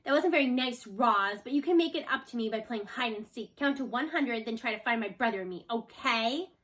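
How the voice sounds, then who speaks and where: Storybook: woman doing a bold, bossy little girl, high and bright. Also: expressive, brisk. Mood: playful. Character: playful young girl, bossy and cheeky. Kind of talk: storybook read-aloud.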